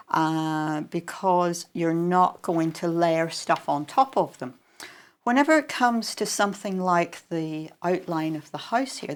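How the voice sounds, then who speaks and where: Low-voiced woman demonstrating quilting. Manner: explanatory, chatty, with frequent ums. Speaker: quilting expert guest. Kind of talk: craft demonstration on shopping TV.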